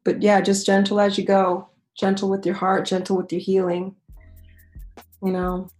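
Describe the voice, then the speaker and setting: A woman's voice: medium pitch, completely flat delivery, moderate pace, darkish tone, faint music behind, rough recording. Frank, earnest woman talking casually. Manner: earnest and frank, swears freely, laughs easily. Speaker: teacher, podcast guest. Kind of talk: casual, candid interview talk.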